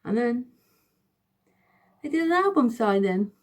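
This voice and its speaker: A woman in her thirties, telling a storytime vlog in an excitable, giggly, chatty way. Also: a little high, measured pace. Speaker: vlogger. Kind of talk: casual storytime.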